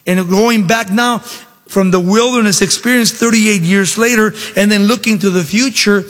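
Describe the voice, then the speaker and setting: A man preaching a sermon, with animated, sing-song emphasis and dramatic storytelling, in a church hall. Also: high-pitched, normal speed. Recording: long reverb of a large hall.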